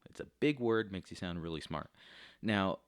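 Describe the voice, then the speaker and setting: A man with a very low voice teaches a class in a recorded lecture. He explains things step by step and often pauses on "uh" and "um". The sound is dry and close, with no room echo. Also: clear, resonant tone. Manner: explanatory, with frequent fillers.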